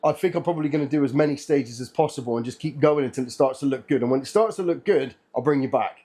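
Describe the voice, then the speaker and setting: A man at an ordinary middle pitch, chatting his way through a hands-on project for his own channel. He sounds excitable and a little jittery, thinking aloud and commenting on each step as he goes. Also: fast, slightly rough. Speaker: channel host. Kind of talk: casual hands-on workshop narration.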